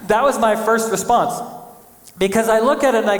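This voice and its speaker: A man preaching a sermon as pastor, animated, acting out quoted voices as he speaks. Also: high voice, fairly quick. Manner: animated, acts out quotes of God and people. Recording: echoey church hall.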